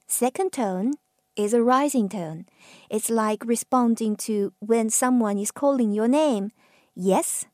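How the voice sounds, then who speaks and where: A woman from China with a Chinese accent, teaching Mandarin tones with patient, drawn-out model words. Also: fairly high pitch, warm tone, no room sound, studio quality. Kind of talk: slow pronunciation lesson.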